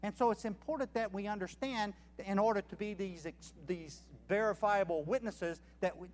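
A man's voice: high-pitched, big-room sound. A man preaching a sermon as a missionary, emphatic and counting off his points one by one.

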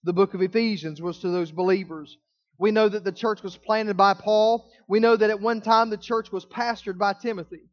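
A man preaching a sermon as pastor, stressing key words by slowing down and stretching them out. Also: sits high, steady tone, muffled recording.

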